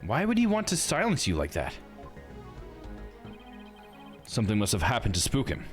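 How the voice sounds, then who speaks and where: A man's voice: medium pitch, natural voice. Guy doing a keen young lawyer type, eager and nervous, game music faint behind. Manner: earnest, asks many questions. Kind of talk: live reading of game dialogue.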